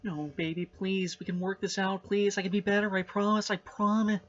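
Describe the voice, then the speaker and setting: A man's voice: sits high, level tone, normal speed, lo-fi sound, voice pushed up, natural voice. A man voicing a flustered male cinematographer who stammers and pleads in a comedy sketch. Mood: pleading.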